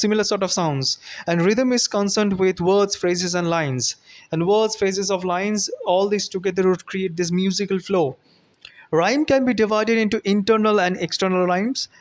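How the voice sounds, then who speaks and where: A man teaching a recorded lecture, halting, with frequent fillers and self-corrections, repeating key terms slowly for emphasis. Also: sits high.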